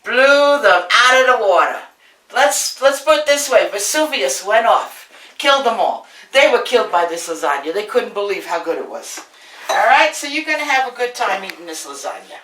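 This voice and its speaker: This woman speaks in a mid-range voice at a moderate pace, very animated and fairly bright. A Brooklyn home cook with a New York accent, she chats brashly through a cooking demo like she's telling a story. Her indoor kitchen echoes, heard through a camera mic placed across the room.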